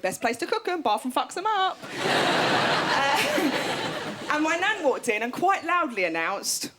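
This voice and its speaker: A woman's voice: sits high, very animated, unhurried, background noise. A woman in her thirties doing a chatty, self-mocking stand-up comedy set on a TV studio stage. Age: 30s.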